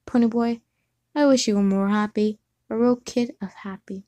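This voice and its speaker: A woman's voice: on the high side, fairly even intonation, normal speed, mellow, no room sound. Giggly woman reading fan fiction aloud. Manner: casual, giggly, stops to correct herself. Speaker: reader.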